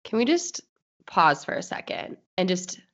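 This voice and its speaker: Upbeat low-voiced woman co-host, lo-fi. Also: big pitch swings, a little slow, a bit bright. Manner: upbeat, addresses listeners directly. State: hoarse from illness. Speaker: podcast co-host. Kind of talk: casual chat. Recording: dull, lo-fi sound.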